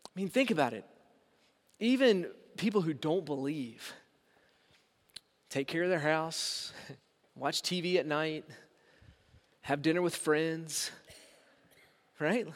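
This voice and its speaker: A man's voice: fairly high pitch, expressive, slow pace, pauses often. A man preaching a sermon as pastor in a church sanctuary, with emphatic swings in volume. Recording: reverberant hall sound.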